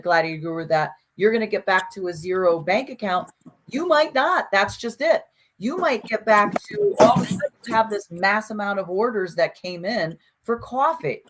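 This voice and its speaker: A woman co-host in relaxed, unscripted chat. She tells stories animatedly, restarts her sentences often and acts out little quoted lines along the way. Her voice sits at an ordinary middle pitch. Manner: animated storyteller, frequent restarts and acted-out quotes. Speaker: podcast co-host. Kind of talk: casual conversation.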